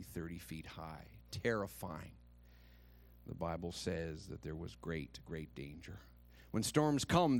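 A male pastor preaching a sermon in a conversational, dramatic storytelling manner with touches of humor. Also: low voice.

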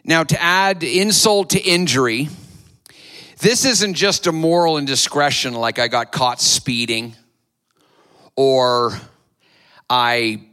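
A man's voice: mid-range voice, takes it slowly, long pauses, pushed and bright, smooth. A man preaching a sermon to his church, retelling a story dramatically and acting out the voices. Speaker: pastor.

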